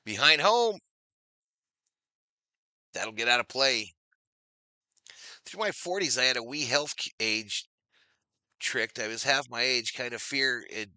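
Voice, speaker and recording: A man's voice: medium pitch, pushed and bright, no echo. A middle-aged man hosting a live watch-party stream, chatting casually, reading viewer comments aloud and calling plays as they happen. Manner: chatty, reads viewer comments, repeats phrases, addresses chat as y'all.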